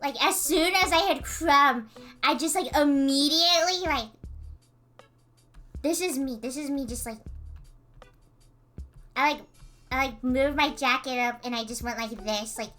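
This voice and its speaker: A woman streamer casually retelling a story in an animated way, full of fillers and quick laughs. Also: high-pitched, soft background music.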